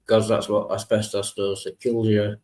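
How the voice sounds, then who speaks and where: A man's voice: lowish voice, little pitch movement, normal speed, mellow, a little hiss or hum. A man co-hosting a livestream in casual chat, laughing often, mocking himself and swearing. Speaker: livestream co-host.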